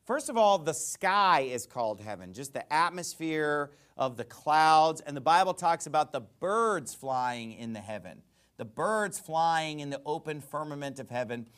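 A man's voice: a little high, expressive, unhurried, fairly bright tone, clear, resonant tone. A man preaching a sermon in a conversational, emphatic way, asking rhetorical questions.

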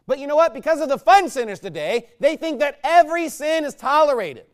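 A man preaching a combative, mocking sermon, swinging between low muttering asides and loud outbursts. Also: expressive, a little fast. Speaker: pastor. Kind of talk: fiery sermon rant.

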